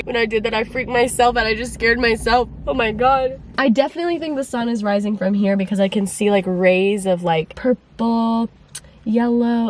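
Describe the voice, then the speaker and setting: A woman's voice: mid-range voice, a little hiss or hum. Chatty, giggly young woman vlogging from her car. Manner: chatty, giggly, self-mocking. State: congested, phlegmy. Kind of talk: casual chat to camera. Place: in a car at dawn.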